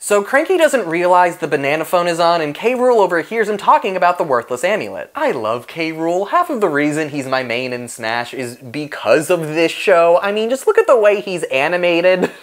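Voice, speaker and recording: A woman with a lower voice reviews a cartoon with sarcasm and exasperation. Her pitch swings widely as she talks. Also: sing-song, normal speed, few pauses. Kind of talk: comedic review narration.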